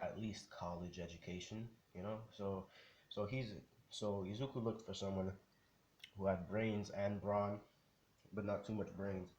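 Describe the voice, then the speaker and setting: A man's voice: fairly low pitch, darkish tone, a little hiss or hum. A man casually narrating a fan story, rambling and slangy with lots of fillers.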